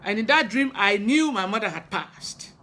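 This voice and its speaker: Speaking in an expressive, sharp-toned mid-range voice, this middle-aged woman recounts a personal story. Yoruba is her first language, and as a spiritual practitioner she talks earnestly, stopping and restarting many times.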